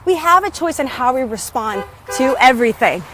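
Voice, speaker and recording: A woman's voice: high voice, animated, normal speed, sharp tone, soft background music. A middle-aged woman and business coach talking in a chatty, upbeat motivational vlog, filmed on a phone outdoors in her neighborhood. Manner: chatty, upbeat, greets neighbors mid-talk.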